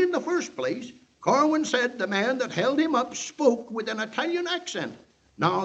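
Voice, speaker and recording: An actor playing a stubborn, duty-bound frontier town marshal with a folksy drawl in a 1940s radio drama, in a dull old radio recording. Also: male voice, very high-pitched, a bit bright, husky, full character voice.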